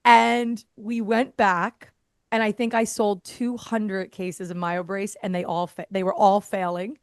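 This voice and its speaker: A woman's voice: medium pitch, unhurried, no room sound. A woman guest on a podcast, an airway therapist, telling a story casually, laughing often and acting out other people's lines. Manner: lively, acts out quoted dialogue.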